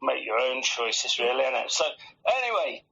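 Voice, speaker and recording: A man voicing a sheepish, broke lobster crook, rambling and halting through a voice message in a comedy radio skit. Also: medium pitch, big pitch swings, creaky, bright, forceful tone, slight background noise, heavily acted. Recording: dull played-back voice message.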